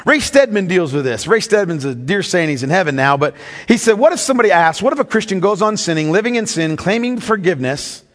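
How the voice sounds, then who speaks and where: A man with a high voice delivers a sermon as a pastor, emphatic and teaching, putting questions to his listeners. His voice rings out with a long reverb from a church sanctuary.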